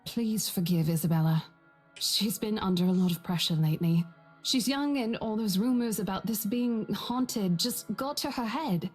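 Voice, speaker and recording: A woman's voice: mid-range voice, normal speed, a little mellow, faint music behind, lightly acted. An actress voicing an apologetic estate agent woman in a game, placating and soothing. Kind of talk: voiced game dialogue.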